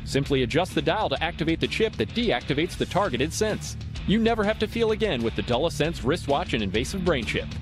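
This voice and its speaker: A man's voice: big pitch swings, fairly quick. Slick male announcer over music. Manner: slick pitchman delivery. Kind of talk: parody commercial voice-over.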